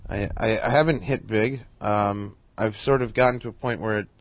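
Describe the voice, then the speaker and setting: Comedian type, relaxed storyteller, dry close-mic sound. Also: male voice, fairly low pitch, dry recording, poor audio. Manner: relaxed, halting, lots of "you know". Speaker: podcast host and comedian. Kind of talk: casual storytelling.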